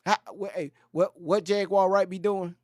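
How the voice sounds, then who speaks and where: A man's voice: high-pitched, steady tone, moderate pace, dry recording. Dry-voiced man ranting over clips. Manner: profane, exasperated ranting that flares into shouting. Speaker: reaction video host. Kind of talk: commentary on played video clips.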